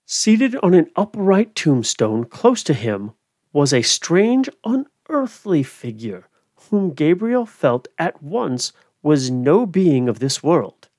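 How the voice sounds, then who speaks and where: Slow, expressive male storyteller. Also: fairly high pitch, no room sound, studio quality. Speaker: podcast host. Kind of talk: dramatic reading of a Victorian ghost story.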